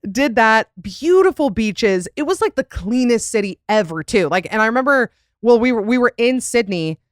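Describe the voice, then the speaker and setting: A woman's voice: fairly high pitch, animated, normal speed, dry recording. Young woman podcast host rambling casually, lots of likes and laughs, dry mic. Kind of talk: casual chat.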